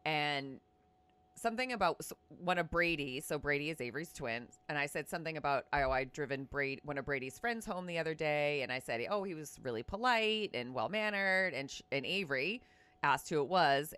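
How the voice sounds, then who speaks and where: Woman co-host, forties, lower register, easygoing banter. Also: animated, brisk, a bit bright, clean tone, no echo. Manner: chatty, laughs easily. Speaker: podcast co-host. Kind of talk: casual chat.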